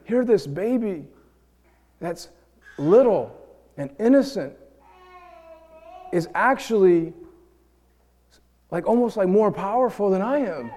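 A man's voice: high voice, a little mellow. A man in his thirties preaching a sermon in an earnest way, building to emotional peaks. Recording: long hall reverb.

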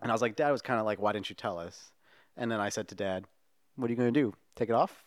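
Young guy on a podcast, fast and lively, dry close sound. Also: on the low side, no echo. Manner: animated storytelling, laughs often. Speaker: podcast co-host. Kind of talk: casual chat.

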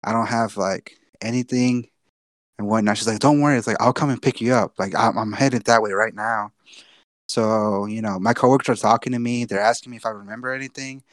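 A man's voice: fairly low pitch, fairly even intonation, fairly quick, dry recording, studio quality. Casual, swearing young man telling a story. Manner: loose, profane, repeats himself. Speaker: podcast co-host.

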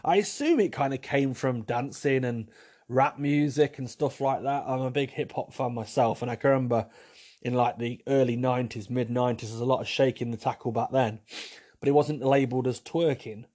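A man's voice: medium pitch, moderate pace, dark tone. A young man, a vlogger, talking to camera in a cheeky, blunt, jokey monologue and laughing often. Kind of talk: casual opinionated monologue.

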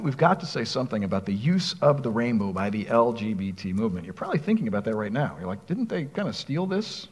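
Male pastor, high and animated delivery, breathy tone, long reverb. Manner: expressive preaching, reads scripture aloud, asks the congregation questions. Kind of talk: sermon.

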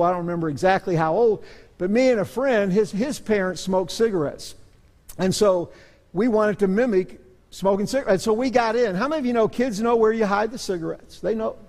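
A middle-aged man, a pastor, preaching a sermon in a church sanctuary, telling stories in an earnest, self-deprecating way. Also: sits high. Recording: long hall reverb.

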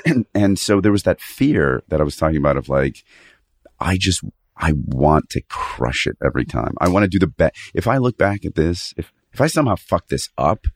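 A man's voice: deep voice, sing-song, moderate pace, creaky, no echo, studio quality. A man in his forties, a guest actor, chatting casually on a podcast, rambling and cutting himself off mid-thought, swearing freely.

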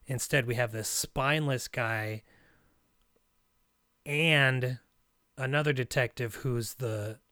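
A man from Russia talks through a film in a loose, analytical way, filling pauses with "um" and "you know" and restarting his sentences. His voice sits at an ordinary pitch, recorded dry and close. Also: sharp tone, no room sound. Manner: rambling, analytical, many fillers and restarts. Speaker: podcast co-host, movie reviewer. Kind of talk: casual movie discussion.

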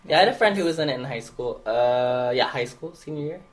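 A man co-hosting a podcast, chatting casually with deadpan sarcastic jokes. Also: medium pitch, brisk. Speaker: podcast co-host. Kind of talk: casual chat.

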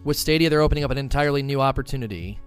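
A man commentating live on a stream, excitable, with quick bursts of enthusiasm and fillers. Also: medium pitch, clean tone, soft background music.

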